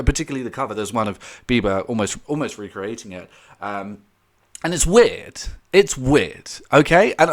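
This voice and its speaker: A young man giving casual, rambling commentary on a vlog, laughing often and restarting his sentences. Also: on the high side. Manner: rambling, animated, laughs often, mocking quoted voices; many fillers and restarts. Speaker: commentary YouTuber.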